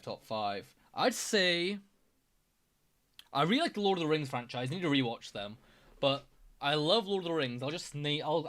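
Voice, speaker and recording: A man's voice: a little high, fairly bright tone. A man chatting casually as a streamer reacting to videos, enthusiastic and rambling. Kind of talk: casual chat.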